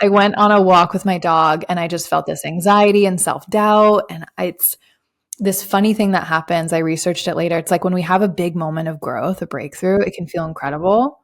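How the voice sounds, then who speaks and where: A woman speaks in a slightly low voice, sharing a personal story as a podcast guest. Her talk is relaxed and reflective, full of small fillers, in the easy rhythm of a casual conversation. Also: brisk. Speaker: guest, business coach.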